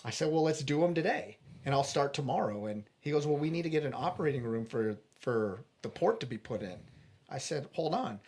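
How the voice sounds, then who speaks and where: A man guest in a podcast interview, earnestly telling a personal story and acting out the dialogue, with frequent restarts. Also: medium pitch.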